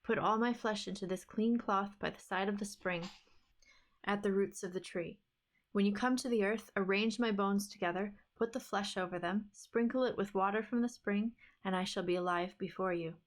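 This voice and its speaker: A woman's voice: medium pitch, steady tone, normal speed, lightly acted. A woman voicing a young giant's daughter who is an earnest, resolute helper, read aloud from a fairy-tale book. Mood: urgent. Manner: earnest, urgent commands.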